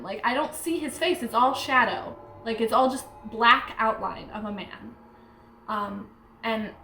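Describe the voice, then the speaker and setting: A woman's voice: fairly high pitch, pushed and bright, a little hiss or hum. A young woman vlogger telling a true ghost story in a rambling, casual way, full of "like". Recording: echoey room.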